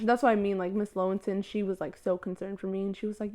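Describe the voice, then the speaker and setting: A young woman guesting on a casual chat podcast. She tells personal stories in a loose, rambling way, dropping "like" everywhere and laughing often. Her voice sits at an ordinary middle pitch for a woman. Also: level tone, fast, hardly any pauses, mellow. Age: young adult. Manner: storytelling, laughs often, many "like" fillers.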